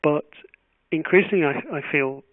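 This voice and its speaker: A man answering webinar questions as a journal editor, speaking in a thoughtful, measured way with frequent restarts. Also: a little high, dry recording. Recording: tinny phone-like webinar audio.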